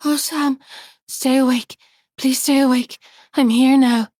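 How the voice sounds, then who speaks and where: A woman voicing a frantic wife who pleads with and shouts at an unconscious man. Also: high voice, steady tone, a little slow, no room sound, studio quality, voice pushed up. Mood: panicked. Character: frantic woman finding her hurt husband.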